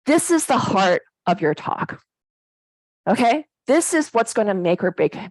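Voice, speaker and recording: Animated woman giving a casual lecture. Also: fairly high pitch, unhurried, no echo, rough recording. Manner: animated, conversational, keeps asking "right?". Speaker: academic workshop presenter.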